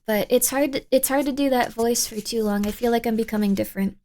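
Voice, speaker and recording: Chatty, high-voiced woman streamer. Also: fast, hardly any pauses, a little mellow. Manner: chatty, rambling, thanks viewers by name. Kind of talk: casual livestream chat with tarot reading.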